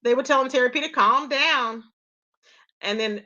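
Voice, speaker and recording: A woman's voice: high voice, expressive, a little slow, fairly bright tone, lo-fi sound. A woman hosting her own channel, chatting casually and laughing often as she recaps online gossip. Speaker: commentary channel host.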